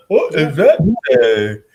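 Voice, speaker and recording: A man's voice: fairly high pitch, a little mellow, slight background noise. A man, a filmmaker guest in an interview, easygoing and laughing often. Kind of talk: casual interview chat.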